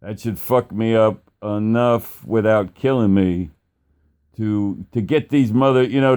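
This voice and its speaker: Dude rambling through a story, swears a lot, smooth full voice. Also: male voice, fairly low pitch, darkish tone. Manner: rambling and profane, with many fillers and acted-out quotes. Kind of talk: casual spoken storytelling.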